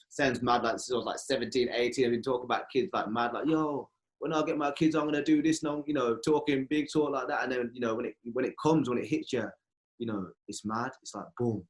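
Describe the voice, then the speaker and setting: Young guy, mid voice, chatty and animated, slang everywhere, talking about life like it's mad. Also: mid-range voice, brisk. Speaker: member of a music collective. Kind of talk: casual conversation.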